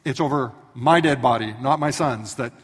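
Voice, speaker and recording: A pastor preaches in a husky, mid-pitched voice, telling the story and turning often to the people in front of him. A long reverb from the hall trails after each phrase. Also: male voice, normal speed, fairly bright tone. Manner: storytelling, acting out the scenes and speaking directly to the congregation. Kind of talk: sermon. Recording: echoey hall from some distance.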